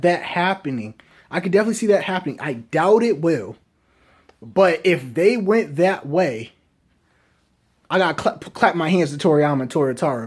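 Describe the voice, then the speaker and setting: A man giving casual fan commentary, talking excitedly and asking rhetorical questions over and over. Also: high-pitched, slightly rough. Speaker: anime reviewer.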